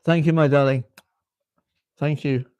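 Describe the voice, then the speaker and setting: A man's voice: fairly high pitch, fairly even intonation, a little slow, a little mellow, dry recording. A British man in his fifties with a well-spoken accent, hosting a casual live chat and often stopping to repeat his words. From United Kingdom. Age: 50s. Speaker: livestream host.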